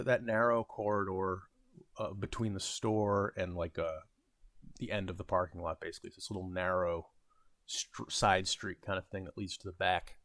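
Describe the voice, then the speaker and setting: In a clean studio recording with no room sound, a vlogger in his thirties tells a rambling, self-deprecating story about his retail job. His voice sits on the low side, and he talks casually, full of fillers and restarts.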